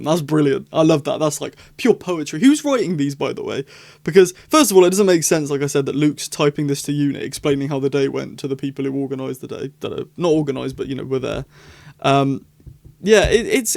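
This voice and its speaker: A young adult man chatting through a casual commentary vlog, excitable and rambling. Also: on the high side, vocal fry, no echo. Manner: excitable, rambling, animated reactions. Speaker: YouTuber.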